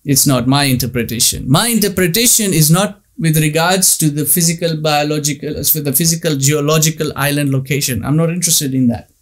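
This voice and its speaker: Guy giving a religious lecture, kinda high voice, stresses points and repeats them. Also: brisk, few pauses. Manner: emphatic, repeats phrases, rhetorical questions.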